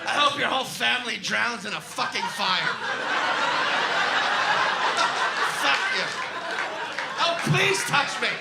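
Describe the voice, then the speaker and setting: Man putting on a shrieking drunk woman, loud and cursing, gravelly edge, crowd noise behind. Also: very high-pitched, very animated, normal speed, roomy sound, exaggerated voice. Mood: enraged. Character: furious drunk woman in a bar.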